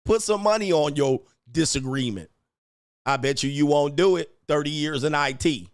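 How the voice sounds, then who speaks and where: A brash man on a livestream, taunting his commenters with profane insults and laughing at them. His voice sits a little high for a man. The sound is dry and close, with no room echo. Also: normal speed. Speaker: livestream host reading chat.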